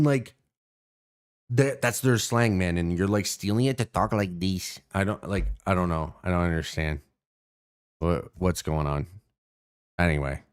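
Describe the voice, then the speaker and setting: Rambling, profane young man streamer. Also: low-pitched. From Canada. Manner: profane, rambling, many fillers and restarts. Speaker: streamer host. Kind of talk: casual rant to stream viewers.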